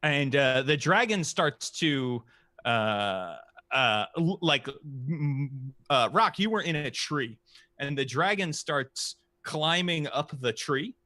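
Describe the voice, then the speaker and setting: A man running a tabletop game as game master, narrating with frequent pauses and filler sounds. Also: on the high side, lively intonation, sharp tone, dry recording, clean studio sound. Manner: halting, many "uh" fillers.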